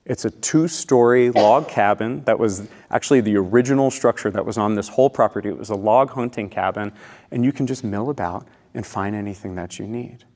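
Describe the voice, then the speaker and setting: A man's voice: lowish voice, a little fast. A man giving a storytelling talk at a conference, acting out scenes and leading the audience. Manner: animated, acts out scenes and leads the crowd. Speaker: conference speaker. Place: conference hall. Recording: long reverb of a large hall.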